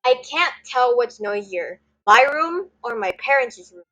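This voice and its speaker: A woman streaming a video game at home, muttering casual commentary to herself, often quietly. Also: fairly high pitch, animated, measured pace, muffled recording. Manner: muttering, offhand self-talk, often quiet. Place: bedroom at home.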